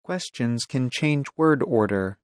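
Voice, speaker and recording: A teacher calmly explaining grammar in plain, measured sentences. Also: medium pitch, no room sound, clean studio sound. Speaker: language teacher. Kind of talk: instructional explanation.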